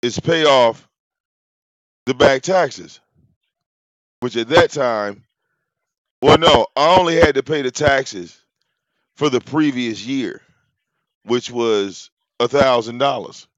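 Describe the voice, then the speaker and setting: A man, telling a story casually to his audience. He talks in an animated, profane way, often repeating words and restarting his sentences. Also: medium pitch, slow, pauses often, dry recording, highs cut off. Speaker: channel host.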